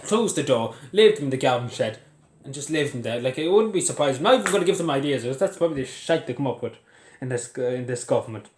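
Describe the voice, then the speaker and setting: A man's voice: mid-range voice, animated, quick pace, a little mellow. Angry Irish man ranting to camera. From Ireland. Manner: indignant, swearing, bitter sarcastic laughs. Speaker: vlogger. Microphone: phone or camera set on its side. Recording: echoey room.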